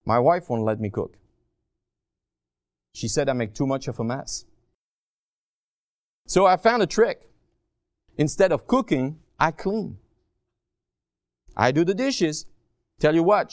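A man preaching a sermon as a guest preacher, stretching key phrases out slowly and swinging from soft asides to raised, pleading lines. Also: a little high, very animated, dry recording, studio quality. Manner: slow, drawn-out emphasis on key phrases.

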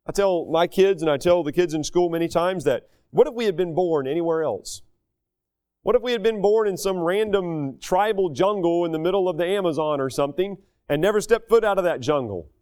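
A man's voice: sits high, fairly quick, darkish tone, clean tone. A man preaching a sermon from the United States, earnest and conversational, acting out quoted voices as he teaches. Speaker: pastor.

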